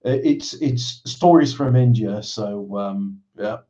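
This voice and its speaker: A man's voice: fairly low pitch, takes it slowly, dark tone. Wry man, lo-fi podcast sound. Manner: wry, rambling, reads headlines aloud with asides. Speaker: podcast co-host reading news stories. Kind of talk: casual chat. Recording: dull lo-fi sound.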